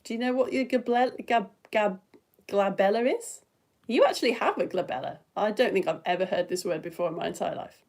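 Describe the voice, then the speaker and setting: A woman from the United Kingdom presenting a live science show for children, chatty and excitable, talking straight to viewers and recorded on a phone indoors. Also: mid-range voice, brisk, vocal fry. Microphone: phone camera.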